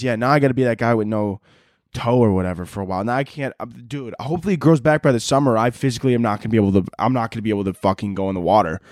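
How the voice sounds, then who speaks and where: A man's voice: medium pitch, no room sound, clean studio sound. Profane, ranting young man podcaster. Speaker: podcast host. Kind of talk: solo comedic rant.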